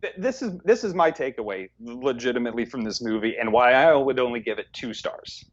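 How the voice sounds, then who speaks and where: A husky-voiced man co-hosting a movie review podcast in a casual, blunt, sarcastic way, swearing freely. His voice moves lively up and down, and the recording sounds dull and lo-fi. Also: medium pitch, a little fast. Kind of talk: casual chat.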